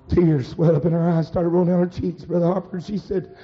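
A preacher with a high voice tells a dramatic story in a sermon, swinging from hushed to shouting. The recording sounds dull and lo-fi, with faint music underneath. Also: male voice, steady tone, a little fast.

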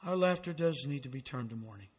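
A man's voice: mid-range voice, animated, fast talker, husky, long reverb tail. A man preaching a fervent sermon, reading out dramatic quotations with emphasis.

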